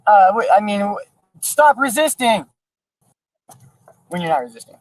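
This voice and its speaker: A man's voice: high voice, rapid-fire. A man being questioned by police outdoors, nervous and rambling, restarting his sentences. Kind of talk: street conversation. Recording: noisy body-camera audio.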